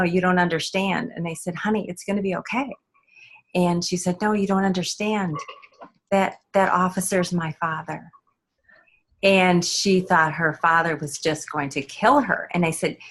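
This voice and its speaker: Halting, low-voiced woman storyteller. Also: a bit bright. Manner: halting, with many ums and restarts. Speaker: guest author. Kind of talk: telling a personal story in an interview.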